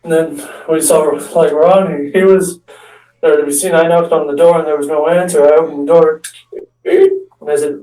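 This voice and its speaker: A man's voice: fairly high pitch, fairly even intonation, normal speed, dark tone. Rambling storytelling man, echoey room. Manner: rambling, restarts and acts out quoted friends. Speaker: amateur stand-up storyteller. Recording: echoey room, mic far off.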